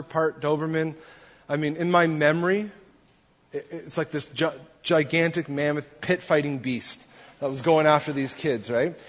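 A man giving a conversational sermon as a pastor, putting questions to his congregation. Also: on the high side. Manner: conversational, asks the audience questions. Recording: dull long-reverb church hall.

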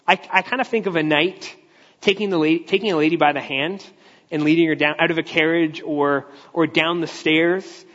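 A man preaching a sermon in a relaxed, conversational way. He explains each point at length, often restarting his sentences. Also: a little high, moderate pace. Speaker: pastor. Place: large church hall. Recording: echoey hall, dull lo-fi sound.

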